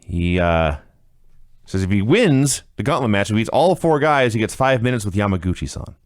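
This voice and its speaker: A man co-hosting a casual podcast, recapping wrestling with sarcastic, animated commentary. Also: lowish voice, moderate pace, no echo, clean studio sound. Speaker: podcast co-host reviewing wrestling.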